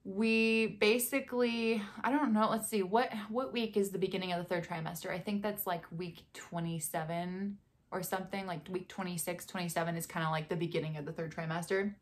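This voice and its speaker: A young woman vlogging in a casual, chatty way, animated and often laughing as she acts out quotes. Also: lowish voice, a little fast. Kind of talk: casual chat to camera.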